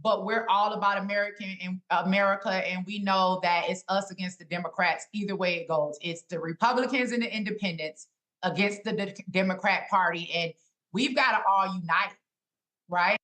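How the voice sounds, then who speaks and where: Bright-voiced woman, rallying tone. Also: medium pitch, moderate pace. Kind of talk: casual political talk.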